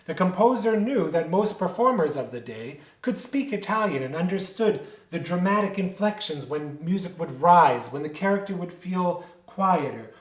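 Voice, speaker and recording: Male music teacher, slightly high voice, patient explainer who asks and answers his own questions, echoey room. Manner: explanatory, poses rhetorical questions and answers them. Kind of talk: instructional lecture. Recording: roomy echo.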